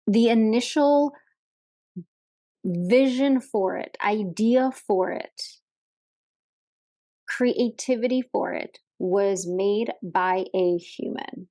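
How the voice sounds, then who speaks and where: A woman's voice: mid-range voice, extremely slow, long pauses, dark tone. A woman hosting a casual motivational podcast from a hotel room, talking in a chatty, upbeat way with fillers and light laughs. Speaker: podcast host. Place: hotel room, sitting at a desk.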